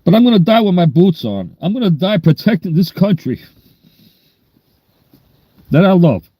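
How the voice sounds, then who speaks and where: A man's voice: high voice, sing-song, moderate pace, warm tone, no room sound. A man in his sixties with a New York accent, telling stories in a rambling, down-to-earth way during a casual livestream. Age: 60s. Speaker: livestream host.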